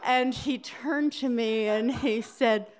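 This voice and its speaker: Slow-talking woman telling a story live. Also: on the high side. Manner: halting, self-interrupting, laughing through the telling. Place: small hall before a live audience.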